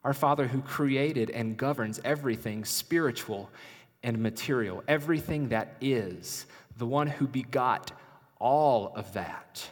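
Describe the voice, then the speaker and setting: A male pastor preaching a sermon, swinging between loud urgent questions and soft, hushed phrases. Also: mid-range voice, a little slow. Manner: dynamic preaching, rising loud then dropping to near whisper. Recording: long hall reverb.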